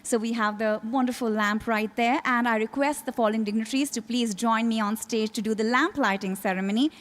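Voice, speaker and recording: A woman's voice: fairly high pitch, fairly quick. A woman hosting a formal listing ceremony as emcee, welcoming dignitaries in a polished, announcing manner. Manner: polished, announcing names with rising emphasis. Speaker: event emcee.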